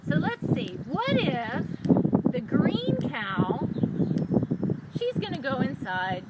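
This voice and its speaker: A woman who is a children's librarian, leading a storytime and speaking slowly in a sing-song way to small children. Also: on the high side. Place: outdoors on a farm. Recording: distant mic with loud outdoor noise.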